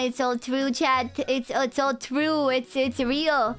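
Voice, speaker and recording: A young woman with a Romanian accent chats with her stream in a playful, rambling, teasing way. Her voice sits a little higher than most women's. Soft music plays quietly underneath. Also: fairly even intonation, slow. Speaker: VTuber streamer. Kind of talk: casual live-stream chat with viewers.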